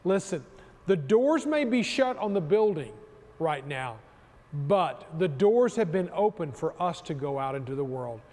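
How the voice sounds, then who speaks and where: A man's voice: on the high side, very animated, a little slow, a little mellow, big-room sound. A man preaching a sermon as pastor, using emphatic repetition. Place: church sanctuary.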